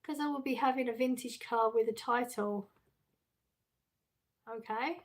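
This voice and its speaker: A slightly high voice, delivered a little slowly, belongs to a middle-aged woman hosting a relaxed livestream. She reads messages from her chat, talks back to viewers, and often breaks into laughter.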